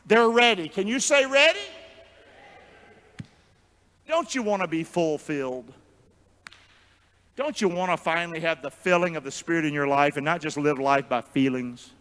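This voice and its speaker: Preacher guy with a high bright voice, big echo of a church hall, yells then drops to a mumble. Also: moderate pace, long pauses. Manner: emphatic call-and-response preaching, sudden swings from shouting to low murmurs. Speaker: pastor. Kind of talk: sermon. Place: church sanctuary. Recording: long church hall reverb.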